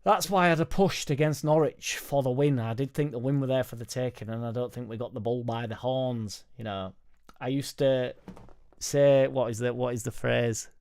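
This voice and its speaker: A man hosting a football fan live stream, chatting casually and reading viewer comments aloud in a rambling, sweary, jokey way into a studio microphone on a boom arm. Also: moderate pace, a little mellow. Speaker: football fan channel host.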